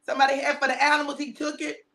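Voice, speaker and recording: Middle-aged woman preacher, high and bright, lively energetic sermon delivery with repeated lines. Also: rapid-fire, gravelly. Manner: animated, repeats phrases, laughs often, shouts for emphasis. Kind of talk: energetic sermon on a live stream.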